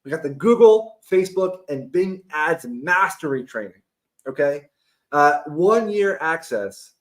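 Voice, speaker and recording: A man hosting a webinar, delivering a hyped, loose sales pitch full of "right?" and restarts. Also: animated, measured pace. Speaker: webinar host pitching a course.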